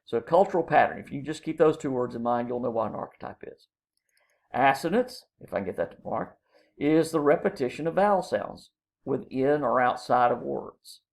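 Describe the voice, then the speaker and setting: Male college instructor, gravelly voice, unhurried lecture delivery with frequent filler pauses. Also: medium pitch, expressive. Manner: explains terms slowly with many ums and uhs.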